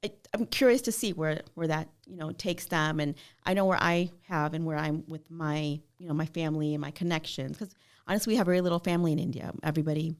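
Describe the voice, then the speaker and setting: Middle-aged woman, lively storyteller, laughs a lot, fairly low voice, relaxed podcast chat. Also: quick pace. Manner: animated storyteller, laughs often. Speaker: podcast guest. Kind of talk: casual interview chat.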